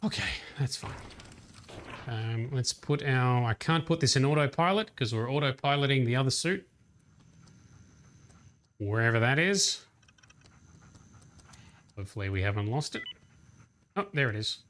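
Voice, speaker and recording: A man livestreams a game, giving chatty, casual commentary as he thinks aloud. His medium-pitched voice is expressive and a bit bright, and he talks a little slowly, pausing often.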